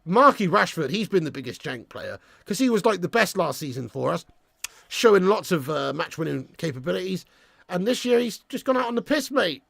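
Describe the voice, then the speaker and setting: A man hosting a live football watch-along, sweary and ranting, bantering with viewers in the chat and shouting at chances on goal. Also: high voice, very animated, brisk, creaky, no room sound, studio quality. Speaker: fan channel host.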